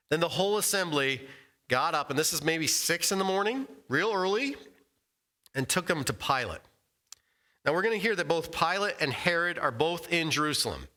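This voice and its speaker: A man's voice: fairly high pitch, animated, moderate pace, pushed and bright. A man teaching a casual Bible study in a church room, explaining scripture conversationally and quizzing the group.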